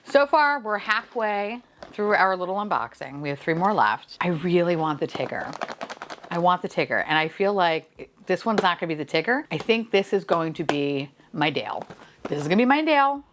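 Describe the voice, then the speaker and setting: A vlogger unboxes blind-box toys on camera, chatting playfully, swearing, laughing and dropping into whispers. Her voice is fairly low and sing-song at a normal speed, with slight background noise.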